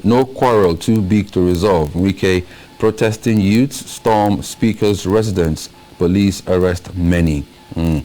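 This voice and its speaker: A lowish-voiced man reads the day's newspaper headlines on a morning show. He speaks in short, clipped bursts, adds quick asides and laughs easily with his co-host in the studio. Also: warm tone, rough recording. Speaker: radio and TV newspaper review host. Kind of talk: reading headlines and casual studio chat. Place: broadcast studio.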